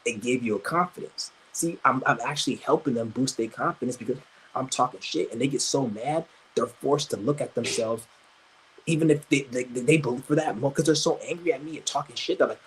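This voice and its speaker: A man's voice: mid-range voice, fairly quick, a little hiss or hum, rough recording. A man streaming live, ranting crudely and combatively, stumbling over repeated restarts. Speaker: livestreamer. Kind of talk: angry livestream rant.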